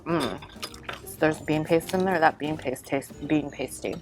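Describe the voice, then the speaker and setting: A woman's voice: sits low, unhurried. A young woman vlogging as she tastes food, talking casually and humming between bites. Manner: enthusiastic, savoring, murmurs and hums between bites. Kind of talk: casual food tasting vlog.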